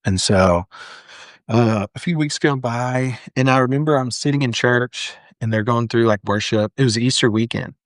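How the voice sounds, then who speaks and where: A young man, a firefighter appearing as a podcast guest, tells a personal story candidly and earnestly, full of "like" fillers and restarts. His voice is mid-range and his pace moderate. The recording is studio quality with no echo.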